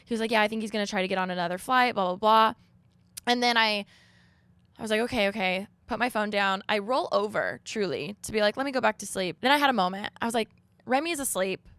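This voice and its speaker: A young woman co-hosting a podcast, telling a story in casual chat and acting out text messages in a lively, higher voice. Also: fast, clear, resonant tone, no room sound. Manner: animated storytelling, acts out texts in a high voice. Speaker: podcast co-host.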